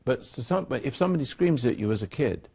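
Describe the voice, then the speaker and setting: A man's voice: mid-range voice, lively intonation, fast talker, creaky, darkish tone, slightly rough. A man speaking as a spiritual teacher in a sermon dialogue, rambling and acting out quoted voices.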